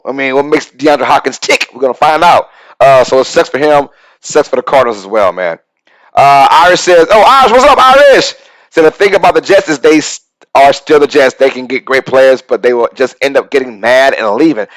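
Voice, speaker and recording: Excitable new guy hosting a live sports stream, voice sits a bit high, riffs on chat. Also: poor audio. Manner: excitable, reads and answers chat comments. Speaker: sports talk show host.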